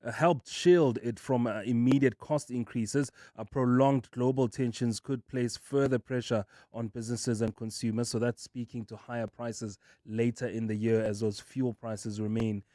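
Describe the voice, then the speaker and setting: A man's voice: mid-range voice, steady tone, normal speed, hardly any pauses, dark tone, dry recording, clean studio sound. A man delivering a radio business news report in a briefing tone, with frequent fillers.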